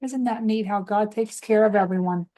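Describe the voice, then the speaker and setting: A woman's voice: medium pitch, normal speed, dark tone. A woman hosting a children's morning lesson, coaxing little ones through clap-along chants and answering her own questions for them. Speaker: preschool teacher host.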